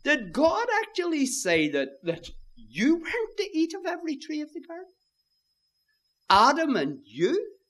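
A man's voice: very high-pitched, wildly swooping pitch, measured pace, fairly bright tone, pitched above the performer's own voice, exaggerated voice. A man voicing the devil as a sly male serpent, with a wheedling, insinuating manner. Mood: coaxing.

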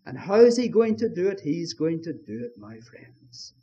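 A man's voice: a little high, very animated, normal speed, mellow, muffled recording. A man preaching a sermon in a fervent old-style manner, appealing again and again to his listeners with rhetorical questions.

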